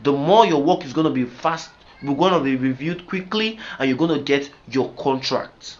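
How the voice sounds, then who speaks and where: A man's voice: medium pitch, moderate pace. A man coaching writers in an instructional talk, emphatic and repetitive, often checking whether listeners follow. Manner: emphatic, repetitive, asks "do you get me?". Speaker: writing coach. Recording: slightly dull lo-fi sound with faint noise.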